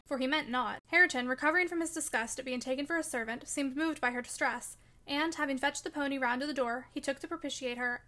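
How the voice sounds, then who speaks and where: A woman narrating a classic novel in a measured, expressive way. Her voice is high and bright, with a crisp, forward ring. She reads long sentences clearly and evenly. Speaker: audiobook reader.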